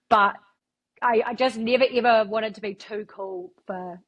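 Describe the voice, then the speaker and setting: A woman's voice: on the high side, steady tone, a little fast, fairly bright tone. A woman, a radio broadcaster telling stories as a guest in a casual interview, swearing freely. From New Zealand. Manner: chatty storyteller, swears freely.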